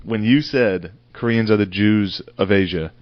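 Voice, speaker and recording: A man with a low voice co-hosts a crude comedy podcast and needles his partner with teasing, profane jabs. The sound is dry and close, with no room around it. The audio is dull and lo-fi. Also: unhurried, no echo. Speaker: podcast co-host.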